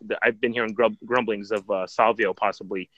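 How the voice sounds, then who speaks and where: A man co-hosts a casual football podcast, offering his views hesitantly with many ums and you-knows. His voice is on the low side, steady, fairly bright, and a little fast. The recording is dry with no room sound, over a dull lo-fi line.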